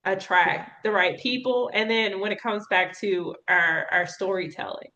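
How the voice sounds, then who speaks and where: A woman's voice: medium pitch, measured pace, sharp tone, dull audio. A woman hosting an interview, speaking candidly and conversationally and laughing easily. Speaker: podcast host. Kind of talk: casual interview chat.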